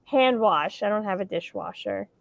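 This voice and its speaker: A woman's voice: mid-range voice, expressive, normal speed, gravelly, dry recording. A woman with a New York accent hosting a livestream, chatting casually and laughing often. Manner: laughs often while telling stories. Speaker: livestream host. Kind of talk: casual chat. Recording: dry, dull lo-fi sound.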